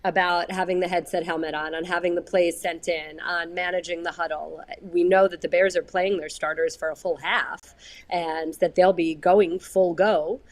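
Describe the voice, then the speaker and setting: A woman sideline reporter chatting as a guest with a sports show panel, measured and thinking aloud. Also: lowish voice, steady tone, no room sound. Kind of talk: casual panel chat.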